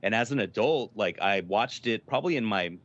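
A low-pitched man rambles loosely through a casual chat, packing his sentences with fillers and swearing. The recording is dull and lo-fi. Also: expressive, brisk, fairly bright tone. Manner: rambling, filler-heavy, profane. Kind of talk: casual chat about movies. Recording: dull lo-fi sound.

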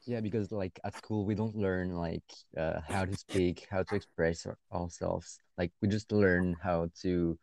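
A man in casual chat, speaking hesitantly with many pauses and restarts. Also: low voice, steady tone, creaky, darkish tone, dry recording.

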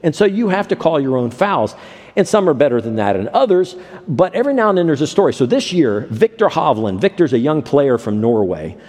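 A man's voice: on the high side, sing-song, fairly quick, a little mellow. A man preaching a sermon in a storytelling way, slipping into the voices of the people in his anecdotes. His words ring out with a long reverb from a large hall. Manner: storytelling, acts out quoted voices. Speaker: pastor.

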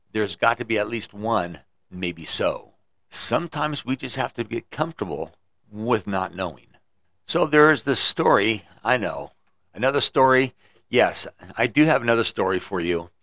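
A man's voice: on the low side, expressive, unhurried, a bit bright, dry recording. A man hosting a podcast, telling a story and reflecting on it in an earnest way, with occasional restarts. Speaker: podcast host.

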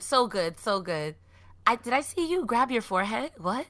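A woman's voice: on the high side, animated, moderate pace, pushed and bright. A woman guest on a livestream chat, joking animatedly and laughing a lot. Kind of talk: casual chat.

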